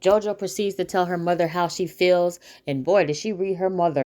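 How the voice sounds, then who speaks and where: A woman's voice: on the low side, steady tone, fairly quick, dark tone. A woman casually recapping a TV episode, chatty, with many fillers and asides to her viewers.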